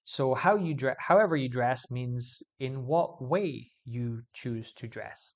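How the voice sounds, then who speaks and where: A man teaching English grammar in a video lesson, explaining clearly and stressing key words as he goes. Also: medium pitch, slow.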